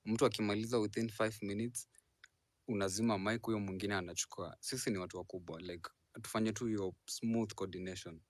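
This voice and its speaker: Low-voiced Kenyan man moderating. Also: fairly even intonation, fairly quick, no room sound. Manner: directive, calls speakers in turn. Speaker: host of a live audio room. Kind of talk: moderating a discussion.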